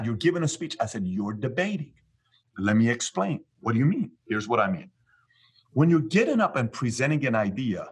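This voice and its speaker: Husky man telling animated stories. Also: medium pitch. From Iran. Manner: animated, acts out both sides of conversations. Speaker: guest, business leader. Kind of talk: storytelling in an interview.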